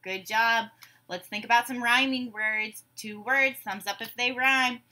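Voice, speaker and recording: A woman teacher leading a phonics drill for young students, saying each sound slowly and clearly and praising them often. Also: on the high side, fairly even intonation, sharp tone. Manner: slow, clearly enunciated drills with cheerful praise.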